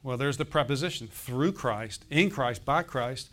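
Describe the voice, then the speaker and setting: A little slow and fairly bright, this mid-range male voice belongs to a pastor in his sixties giving a sermon. He's emphatic throughout and often asks the congregation to respond.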